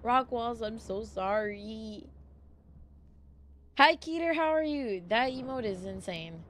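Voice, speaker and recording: A woman's voice: a little high, expressive, takes it slowly, fairly bright tone, slight background noise. A young adult woman streaming a horror game live, easily spooked and swearing, chatting to viewers and thanking them between frights. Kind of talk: casual live gameplay streaming.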